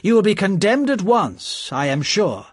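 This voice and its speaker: A man reading aloud, voicing a calm, measured Englishman who speaks smoothly and quietly firm. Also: high-pitched, no echo, clean studio sound, pitched above the performer's own voice, full character voice.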